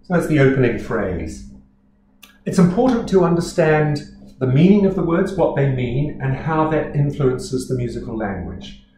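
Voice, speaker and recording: A man's voice: fairly high pitch, expressive, moderate pace, mellow, echoey room, slight background noise, rough recording. A man with a New Zealand accent teaching singers German pronunciation from home, patient and explanatory, sounding out each word. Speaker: choral conductor and teacher. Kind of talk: instructional talk on choral diction.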